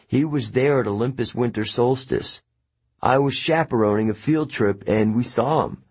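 A man's voice: mid-range voice, moderate pace, a little mellow, slightly rough, lightly acted. A man voicing a friendly but worried teenage boy camp counselor, speaking earnestly under tension.

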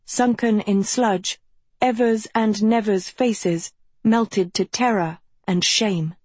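A woman reads a dark fantasy tale slowly and deliberately, lingering over each phrase. Her voice has a soft husky grain, and the recording is close and dry with no room sound. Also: mid-range voice, no room sound. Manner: slow, measured dramatic storytelling. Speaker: audiobook narrator. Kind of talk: scripted narration.

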